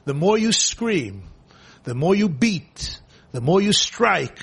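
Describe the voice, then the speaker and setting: Impassioned husky male preacher. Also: high-pitched, sing-song, slow. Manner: impassioned, repetitive, swings between hushed and loud. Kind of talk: sermon.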